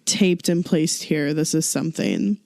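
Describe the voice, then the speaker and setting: Woman, podcast co-host, chatty recap, warm mellow tone, dry close sound. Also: sits low, measured pace, gravelly, no room sound. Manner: chatty, giggly, acts out quotes. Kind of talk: casual recap of a variety show.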